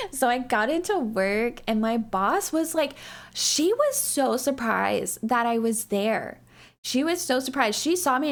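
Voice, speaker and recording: A young woman chats to her live viewers, her slightly high voice a bit strained from days of talking. She rambles and giggles, filling her sentences with "like". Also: animated, slow pace. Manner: chatty and rambling, heavy use of "like", giggly. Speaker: livestreamer. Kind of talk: casual chat to a live audience.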